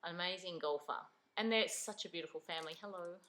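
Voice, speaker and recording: A woman's voice: on the low side, brisk, bright, forceful tone, low-quality recording. A middle-aged Australian woman hosting a casual vlog chat, enthusiastic and chatty as she answers viewer questions. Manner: chatty, enthusiastic, laughs often. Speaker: vlog host.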